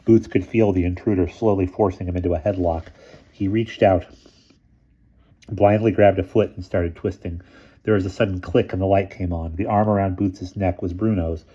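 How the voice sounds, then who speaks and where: A man reading a children's novel aloud in a steady, expressive voice. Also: sits low, moderate pace, slightly rough, muffled recording. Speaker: audiobook reader.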